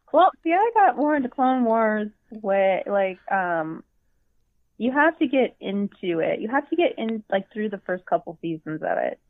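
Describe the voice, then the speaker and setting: A woman chatting casually as a podcast co-host, an animated storyteller who acts out her own reactions. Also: mid-range voice, measured pace, dry recording. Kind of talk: casual fan chat. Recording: tinny phone-like line, dry.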